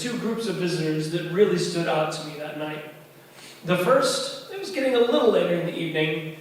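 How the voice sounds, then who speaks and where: A man's voice: high voice, slight background noise. A man telling a story at an open mic night in a bar, acting out the voices of the people in it. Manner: animated, acts out voices of kids and friends. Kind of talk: spoken storytelling. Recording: echoey bar from far off.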